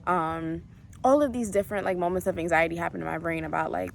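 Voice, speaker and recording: Candid woman vlogger, lowish voice. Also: fairly even intonation, brisk, creaky, a little hiss or hum. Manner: candid, emotional, lots of "like" fillers. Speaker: travel vlogger. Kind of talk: casual storytelling to camera.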